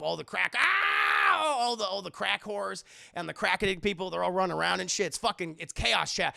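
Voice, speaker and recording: Gravelly, profane movie-recap streamer. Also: male voice, high-pitched. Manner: animated, profane, addresses chat. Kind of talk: casual livestream recap.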